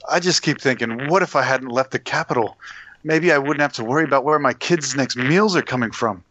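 Worried mercenary dad, some aussie guy reading it, flat amateur table read, dry sound. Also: medium pitch, fairly quick, dry recording, muffled recording. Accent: Australian. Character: worried adult male mercenary, anxious father.

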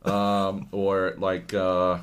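A man's voice: sits low, completely flat delivery, extremely slow, clean tone. A man co-hosting a podcast, chatting casually and animatedly, swearing and laughing as he rants. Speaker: podcast co-host. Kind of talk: casual chat.

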